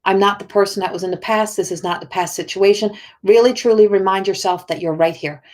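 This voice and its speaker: Halting, earnest woman on a live stream. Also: mid-range voice, darkish tone. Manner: halting, with frequent restarts and repeated words; earnest and encouraging, addressing viewers by name. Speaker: spiritual coach and oracle card reader. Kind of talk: casual live-stream chat to viewers.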